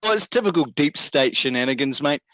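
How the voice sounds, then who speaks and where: A man's voice: fairly high pitch, lively intonation, fairly quick, sharp tone, no echo, rough recording. Laid-back man, dry sound. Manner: laid-back and reassuring, lots of fillers. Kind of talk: casual talk-show chat.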